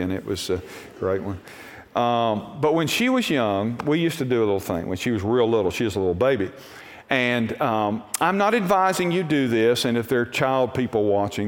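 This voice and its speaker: A male pastor preaching a sermon, telling homey stories and acting out the voices in them. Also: medium pitch. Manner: folksy storytelling preacher, acts out voices in quotes. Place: church sanctuary. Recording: long reverb of a church hall.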